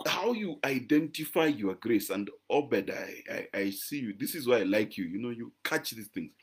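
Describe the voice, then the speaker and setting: A man teaches his listeners in a croaky, mid-pitched voice. He talks in a chatty way, stresses key words and keeps checking that they follow him. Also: animated, normal speed. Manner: conversational and emphatic, frequent "right?" checks and repeated words. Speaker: preacher. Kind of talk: teaching sermon to a live-stream audience.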